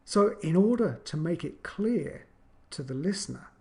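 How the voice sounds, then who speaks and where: A man teaching an online English grammar lesson, chatty, with many fillers and restarts, acting out intonation as he explains. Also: measured pace. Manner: acts out intonation with animated pitch.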